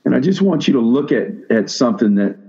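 A man's voice: medium pitch, very animated, fast, warm tone, breathy edge, dull audio. A man preaching a sermon to seminary students, talking casually with restarts and questions to the room. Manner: conversational preaching with frequent restarts and questions to the audience. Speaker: pastor speaking to seminary students.

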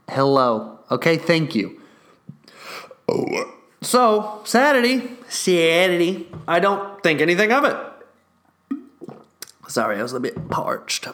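A young man with a slightly higher-than-average voice rants in a loose, rambling way, swearing at nearly every turn. He gets hyped quickly, piles one aside onto another, and keeps a restless, excitable energy throughout. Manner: profane, excitable, restless storytelling. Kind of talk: rambling casual rant.

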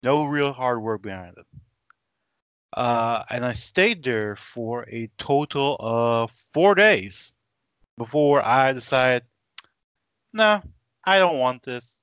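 A man's voice: medium pitch, slow pace, a bit bright, no room sound. A man from Aruba, a guest on a casual podcast, talking in a laid-back, hesitant way with many fillers.

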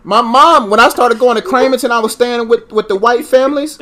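A man in casual comedic conversation, telling animated stories and acting out family scenes. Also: very high voice, fairly quick. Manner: animated storytelling, acts out his mom and kid self.

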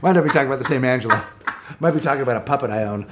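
A man's voice: medium pitch, very fast, background noise. A middle-aged man co-hosting a casual comedy chat, swearing and joking with big laughs. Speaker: podcast co-host.

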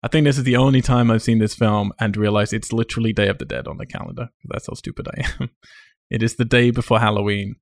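A man's voice: on the low side, quick pace, creaky, no room sound. Chatty man with a dry close sound. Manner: chatty, laughs often, self-deprecating. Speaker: podcast host. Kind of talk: casual film discussion.

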